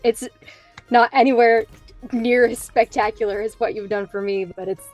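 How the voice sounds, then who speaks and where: A woman's voice: on the high side, fairly even intonation, normal speed, a little mellow, lo-fi sound, faint music behind. A woman player describing her character's actions in a tabletop game, hesitant and full of fillers.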